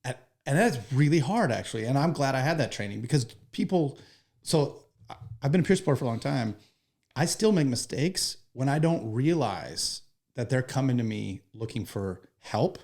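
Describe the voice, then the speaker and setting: Gravelly-voiced joking firefighter. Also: male voice, mid-range voice, normal speed. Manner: animated, joking, profane. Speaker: firefighter guest. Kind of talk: storytelling in a podcast interview.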